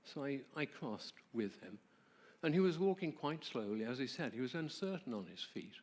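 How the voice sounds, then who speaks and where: A man tells a personal story to a church audience in a warm, conversational way. His voice sits at an ordinary middle pitch. He often turns to the listeners with questions. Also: very animated, normal speed. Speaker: marriage ministry presenter.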